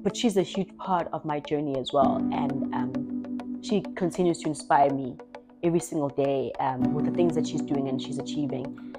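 A young South African woman telling her own story in an expressive, lively way, as a personal vlog. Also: deep voice, normal speed, loud music behind the voice. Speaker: vlogger.

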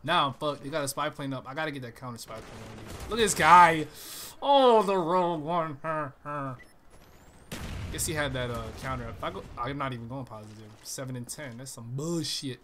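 A man's voice: medium pitch, steady tone, a little fast, bright, forceful tone, slight background noise. A man giving profane, trash-talking live commentary over a shooter game he is playing. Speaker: gaming channel host.

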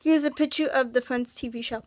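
A young woman vlogging in casual chat, rambling with restarts and gushing with excitement. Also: high-pitched, fairly quick, noisy background. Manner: excitable, gushing, shrieks when thrilled.

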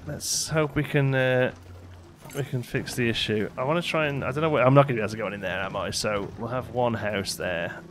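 A man's voice: mid-range voice, brisk, slight background noise. A man hosting a let's play, chatting casually as he plays and talking to his game characters. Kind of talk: casual gameplay commentary. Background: faint game music.

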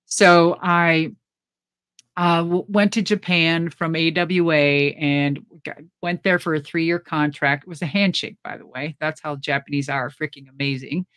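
A middle-aged woman, a former pro wrestler, telling stories in a casual interview with blunt, profane, animated talk and frequent laughs. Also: deep voice, a little slow, dry recording, studio quality.

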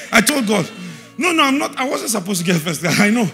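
A man with a Ghanaian English accent preaching a sermon in a church, repeating verse references and swinging from quiet asides to shouted, sing-song emphasis. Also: high-pitched, big pitch swings, normal speed, gravelly, soft background music.

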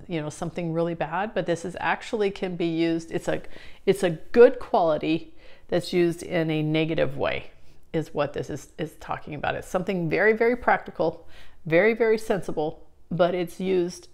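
A woman's voice: low-pitched, gravelly. A woman explaining scripture in a casual teaching talk, chatty and full of fillers and restarts. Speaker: Bible study teacher.

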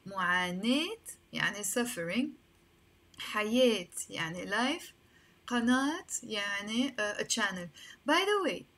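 A woman's voice: fairly high pitch, fairly bright tone. A woman with a Lebanese accent teaching a casual online language lesson, explaining patiently and repeating words for practice.

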